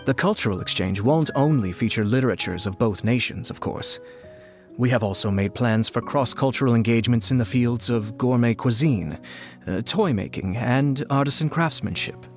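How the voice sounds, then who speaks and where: A man's voice: medium pitch, expressive, moderate pace, soft background music, close to an everyday voice. A man voicing a formal event official in a video game, speaking like an announcement.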